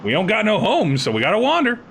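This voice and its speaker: A rough, folksy lizard-man drifter, as a game master puts him on, hesitating with uh's before each drawled line. The voice is pushed well up in pitch from a man's natural range. It is a tabletop game voice. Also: wildly swooping pitch, quick pace, a bit bright, a little hiss or hum, exaggerated voice. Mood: wary. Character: rough-talking male lizard-man wanderer.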